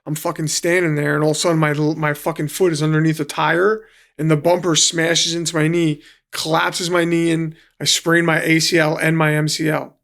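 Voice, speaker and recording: A man's voice: fairly high pitch, level tone, moderate pace, gravelly, fairly bright tone. A man from New City, a guest telling his story casually, swearing freely and acting out what others said. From New York City. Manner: swears freely, acts out quotes. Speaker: guest, professional fighter.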